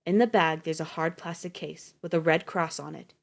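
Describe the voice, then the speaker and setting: A woman voicing a calm, commanding woman medic who gives terse, urgent orders in a lowish voice. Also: moderate pace, gravelly.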